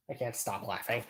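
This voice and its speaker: A woman chatting casually on a live stream, rambling and giggling, with lots of fillers. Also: background noise.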